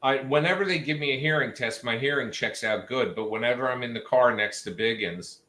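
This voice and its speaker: A man's voice: mid-range voice, a little fast, bright, forceful tone, slight background noise. A man hosting a livestream, telling rambling, jokey stories in a casual chat with his viewers. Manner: chatty storyteller, jokey asides. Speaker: livestream host. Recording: roomy echo.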